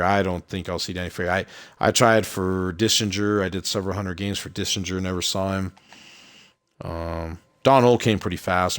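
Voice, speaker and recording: A man with a deep, low voice talks through his game on a live stream. He rambles along in a relaxed way, filling gaps with ums and uhs. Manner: relaxed, rambling, with many fillers. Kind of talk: casual gameplay commentary.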